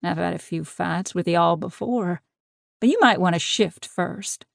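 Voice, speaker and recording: A woman voicing a cocky male shifter brawler with a slow, slight Southern drawl. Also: on the low side, vocal fry, dry recording, studio quality. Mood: amused swagger.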